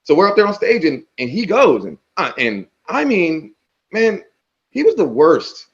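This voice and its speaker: A man with a slightly high voice spins a story in a relaxed interview. He swears, restarts his sentences and jumps way up in pitch when he acts out other people. The sound is dull and lo-fi. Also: measured pace. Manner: animated, acts out quotes with big pitch jumps; swears freely, restarts often. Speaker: guest.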